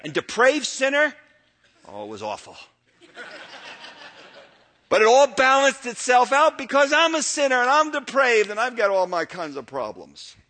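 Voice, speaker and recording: An older man, a pastor teaching about church elders, speaking in a sermon-lecture style that swings from loud emphatic peaks to quiet low asides. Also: lively intonation, moderate pace, hardly any pauses.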